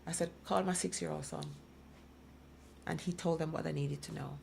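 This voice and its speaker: Guest speaker, middle-aged woman, emphatic storyteller, rough fry in the voice. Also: deep voice, steady tone, normal speed, darkish tone, slight background noise. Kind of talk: personal testimony in a talk program.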